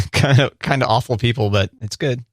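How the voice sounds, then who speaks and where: A man's voice: mid-range voice, moderate pace, no echo. Man radio co-host, joking, dry sound. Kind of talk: morning radio show chat.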